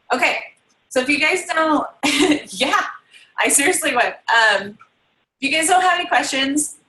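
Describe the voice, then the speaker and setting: A woman's voice: high voice, pushed and bright. A woman hosting a casual team video call, rambling and reading out comments, with lots of ums and likes. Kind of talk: casual chat. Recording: echoey room on a video call.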